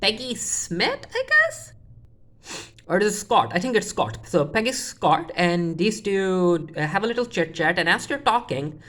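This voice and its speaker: A woman's voice: medium pitch, sing-song, measured pace, fairly bright tone. A woman casually recapping a TV episode as a reviewer, rambling with frequent restarts and offhand asides. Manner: rambling, full of restarts and quoting characters offhandedly. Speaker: TV show reviewer.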